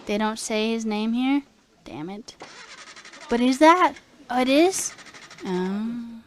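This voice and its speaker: A woman's voice: fairly high pitch, animated, takes it slowly, slight background noise. A woman streamer chatting casually with her viewers, trailing off and answering chat as she goes. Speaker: coding livestreamer.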